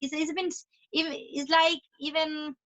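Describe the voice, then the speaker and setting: High, bright-voiced Bangladeshi-born woman on a call. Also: flat delivery, moderate pace. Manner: talkative, repeats and restarts phrases often. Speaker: interview guest, entrepreneur. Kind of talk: casual interview chat. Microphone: video call. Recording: dull lo-fi call audio.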